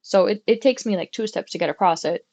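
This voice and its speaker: Young woman, livestreamer, rambling casual chat, drops swear words, medium pitch, at home. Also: quick pace, a little mellow. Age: young adult. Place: at home, upstairs bedroom.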